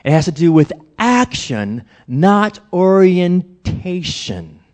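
A middle-aged pastor with a high voice preaches a sermon at a slow pace. He tells animated stories, acting out the quoted lines.

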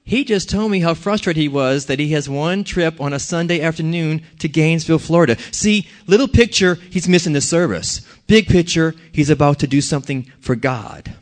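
A man preaching a conversational sermon in a church, telling stories and putting questions to the congregation in an animated way. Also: a little high, normal speed, hardly any pauses.

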